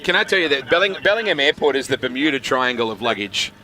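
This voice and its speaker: A man's voice: medium pitch, expressive, fast talker, sharp tone. A man hosting a casual live-stream chat outdoors, jokey and full of stories. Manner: chatty, jokey storyteller. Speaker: host. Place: outdoors at a racing event.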